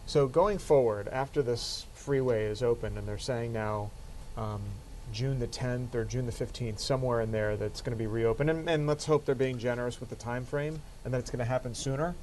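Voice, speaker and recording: A man's voice: mid-range voice, fairly even intonation, brisk, a little mellow, slight background noise, poor audio. A man hosting a casual talk show, conversational, reading out viewer comments and asking questions. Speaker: host.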